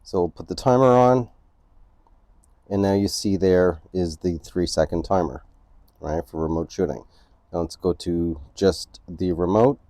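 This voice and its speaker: In an unhurried, deep voice with a warm tone, a photography channel host leads a relaxed camera tutorial from his home, by a couch. He explains every step, often asking the viewer "right?" to check in. No room sound is audible.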